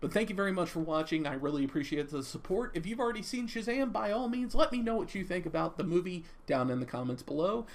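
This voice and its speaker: Chatty young man with gravelly voice. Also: high voice, fast talker, few pauses. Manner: rambling, stammering, chatty. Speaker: movie reviewer. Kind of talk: casual off-the-cuff review.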